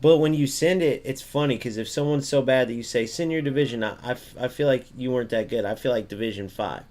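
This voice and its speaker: Man, gameplay streamer, casual talk to chat, mid-pitched voice, breaks into raised voices. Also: fast talker, darkish tone. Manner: talks to his chat, acts out short exchanges in a raised voice. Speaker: gaming streamer.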